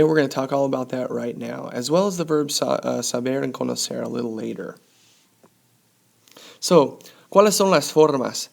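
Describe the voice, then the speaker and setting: A man's voice: mid-range voice, vocal fry. A man teaching a Spanish grammar lesson to his class, upbeat and often checking in with "okay?".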